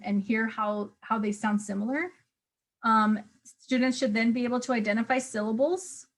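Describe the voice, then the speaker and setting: Chatty woman teacher, fairly high voice. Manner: casual, frequent "um" and "right?" check-ins. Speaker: teacher trainer. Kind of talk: recorded review lecture.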